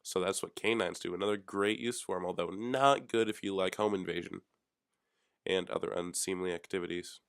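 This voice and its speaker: A young man with a fairly low voice muses aloud on his own show in a loose, rambling way. His delivery is offhand and deadpan, with jokes thrown in. The sound is close and dry, with no room around it. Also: a little fast, gravelly, dry recording. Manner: offhand, deadpan, jokey musings. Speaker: podcast host. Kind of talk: rambling solo chat.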